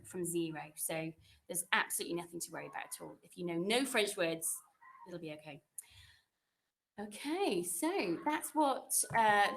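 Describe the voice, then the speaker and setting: With slight background noise behind her, a secondary school French teacher speaks at a medium pitch in a bright, forceful tone. Using a computer microphone in her classroom, she gives new pupils a chatty, reassuring welcome talk packed with fillers and restarts.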